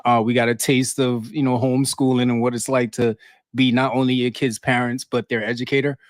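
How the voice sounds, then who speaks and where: A man's voice: mid-range voice, level tone, brisk, no echo, clean studio sound. A man co-hosting a live podcast in a laid-back, slangy casual chat, drawing out his words. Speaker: podcast co-host.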